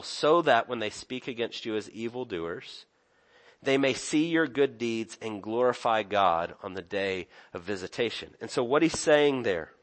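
A man's voice: mid-range voice, a bit bright. A man preaching a sermon as pastor, earnest, building emphasis and asking the congregation rhetorical questions.

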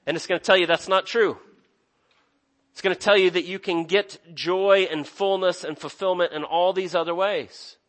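A man's voice: high-pitched, steady tone, normal speed, a bit bright. A young man preaching a sermon in an earnest, conversational way, often restarting his sentences. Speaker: pastor.

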